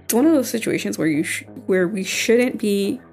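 Young woman, gravelly, casual podcast chat, faint guitar behind. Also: mid-range voice, animated, moderate pace, darkish tone. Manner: conversational, loose, with frequent fillers and restarts. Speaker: podcast co-host.

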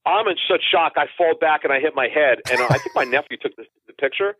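Calling in by phone, a man in his forties who is a football insider tells rambling stories in a casual interview, full of restarts and asides. His fairly high, expressive voice is fast, a bit bright, and slightly rough, heard over a tinny, dry line.

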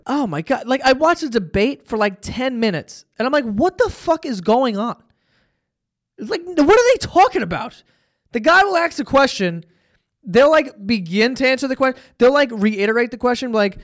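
A man's voice: extremely high pitch, big pitch swings, normal speed. A man hosting a solo podcast, ranting casually with lots of swearing and sarcastic exasperation. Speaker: podcast host.

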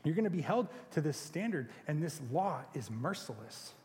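A young adult man giving a conversational sermon in a casual, animated way. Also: a little high, normal speed, long reverb tail. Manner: conversational, animated retelling with acted quotes. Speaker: preacher.

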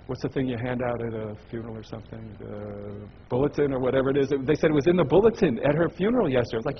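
Fast-talking animated man preaching. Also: mid-range voice, muffled recording, slight background noise. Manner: animated, acts out dialogue. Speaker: evangelist speaker. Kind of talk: storytelling sermon to a church audience.

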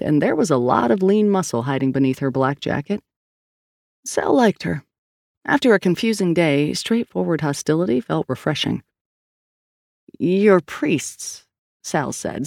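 Gravelly-voiced male audiobook narrator. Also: fairly high pitch, normal speed, dry recording, clean studio sound. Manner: steady storytelling read. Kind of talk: scripted narration.

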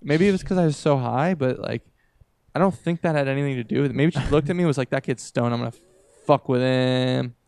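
A man's voice: medium pitch, fast, creaky, a little mellow, clean tone, no echo. A young man co-hosting a podcast, telling rambling stories in casual chat and acting out what other people said. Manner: rambling storyteller, acts out others' lines. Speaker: podcast co-host.

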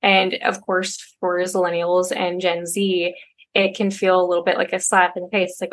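A woman's voice: mid-range voice, little pitch movement, normal speed. A young adult woman, a podcast guest, talking casually and reassuringly. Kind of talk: casual interview talk.

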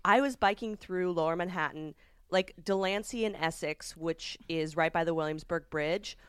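A woman co-hosting a casual podcast chat, telling stories with animated swearing and loud quoted outbursts. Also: fairly low pitch, normal speed, clear, resonant tone, no echo. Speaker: podcast co-host. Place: recording space in New York.

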